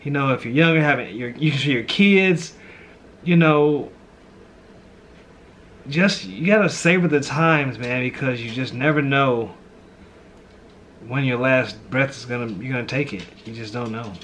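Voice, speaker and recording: A man's voice: medium pitch, a little slow, long pauses, fairly bright tone, slight background noise. Heartfelt man in a casual reflective chat. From St. Louis. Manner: heartfelt, says "man" and "you know" often. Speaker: pastor and vlog host.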